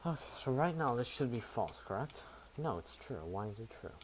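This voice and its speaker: With a medium-pitched, very animated voice and a slightly fast delivery, a streaming programmer narrates his code to chat, musing aloud and poking fun at himself. A little hiss or hum sits under the recording.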